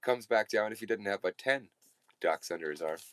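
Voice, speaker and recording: A man's voice: lowish voice, brisk, fairly bright tone, slight background noise. Male live radio host, rambling folksy joke-teller, self-correcting.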